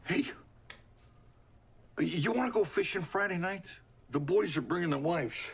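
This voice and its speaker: An actor playing a gruff, blunt, middle-aged working-class father in a film drama. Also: high voice, animated, normal speed, full character voice. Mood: bickering.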